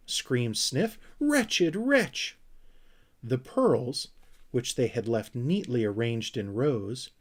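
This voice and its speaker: A man narrating a children's storybook with a gentle, expressive reading. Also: mid-range voice. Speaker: audiobook reader.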